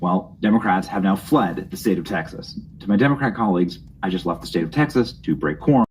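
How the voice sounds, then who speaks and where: A man's voice: low voice, animated, brisk, slight background noise, poor audio. A young man hosting a political commentary show, reading news aloud with mocking, snide asides.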